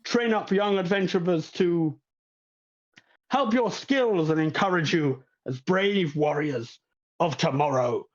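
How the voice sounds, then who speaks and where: A man's voice: fairly high pitch, slow pace, dull audio, pitched above the performer's own voice. A man playing an earnest older shopkeeper. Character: older male shopkeeper, earnest and long-winded.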